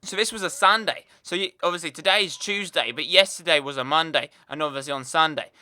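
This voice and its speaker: A young British man chats through a long anecdote for his gaming channel, rambling and piling on fillers. His voice is very bright and smooth, pitched a touch high. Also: quick pace. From United Kingdom. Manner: chatty, rambling, lots of fillers. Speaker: gaming YouTuber. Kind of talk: casual storytelling over gameplay.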